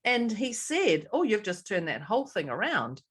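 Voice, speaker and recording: A woman co-hosting a casual podcast and working as a coach, telling stories with lively acted-out dialogue. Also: mid-range voice, moderate pace, breathy edge. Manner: animated storyteller acting out dialogue.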